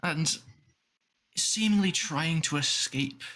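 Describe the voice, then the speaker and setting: A man playing a tabletop game, describing a character in a halting way. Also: fairly high pitch, bright, forceful tone, low-quality recording. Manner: halting, searching for words. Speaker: player.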